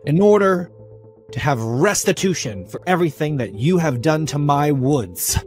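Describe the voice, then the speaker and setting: A regal, scheming banshee queen, voiced by a man, speaks in a raised, lofty pitch. She makes grand formal declarations with a mocking edge, and a bit of music plays softly behind her. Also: lively intonation, normal speed, lightly acted. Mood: imperious.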